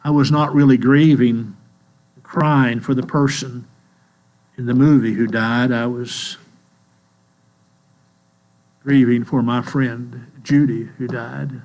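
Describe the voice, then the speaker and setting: A man's voice: medium pitch, fairly even intonation, darkish tone. Older man preaching an earnest sermon. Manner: slow, earnest storytelling. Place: church. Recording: mains hum in the background.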